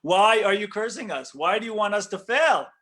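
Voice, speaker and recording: A man's voice: high-pitched, animated, normal speed, a bit bright. A man playing a brash, commanding young conqueror king in a spoken story. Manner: blustering, then gracious.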